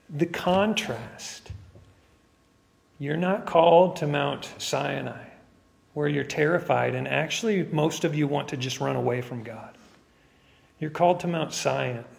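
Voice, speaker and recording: A man's voice: a little high, creaky, in a large hall. A man preaching a sermon as pastor, with joking asides that build into emphatic preaching.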